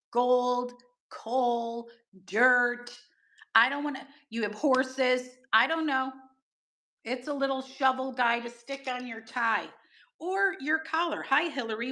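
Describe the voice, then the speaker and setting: A woman's voice: fairly high pitch, a bit bright. A middle-aged woman, hosting a live-stream auction, gushing over items and greeting viewers by name. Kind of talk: chatty live auction selling.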